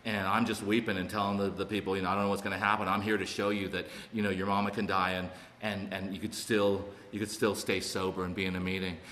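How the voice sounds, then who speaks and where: A man's voice: on the low side, a bit bright. A middle-aged man from Alabama, speaking earnestly to an audience about his recovery, with many restarts and acted-out voices. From Alabama, USA. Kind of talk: personal talk to an audience. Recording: echoey hall with long reverb and faint noise.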